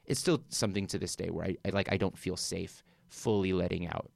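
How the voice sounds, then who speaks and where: A man's voice: sits low, steady tone, brisk, gravelly, no room sound, studio quality. A man talking in a casual conversation, earnest and reflective, telling a personal story with many "like" fillers.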